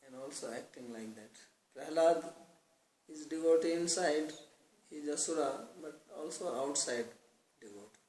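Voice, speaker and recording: A man's voice: a little high, darkish tone, a little hiss or hum. Man giving a scripture talk in a roomy hall. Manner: explains with everyday examples, chants verses slowly. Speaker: lecturer on scripture. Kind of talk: devotional scripture class. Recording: roomy, distant mic, faint ambience.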